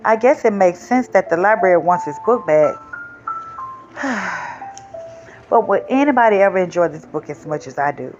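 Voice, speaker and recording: A woman's voice: lowish voice, lively intonation, quick pace, hardly any pauses, a little mellow, dull audio, soft background music, close to an everyday voice. Woman doing a possessive little seed boy. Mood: regretful. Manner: emphatic, sing-song storybook delivery. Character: small boastful male seed, possessive.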